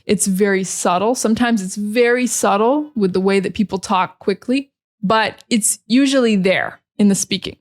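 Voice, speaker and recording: A woman's voice: medium pitch, moderate pace. An American woman teaching English pronunciation, drilling words over and over with heavy stress and a friendly manner. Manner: friendly, laughs at her own slips. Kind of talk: slow, clear teaching monologue.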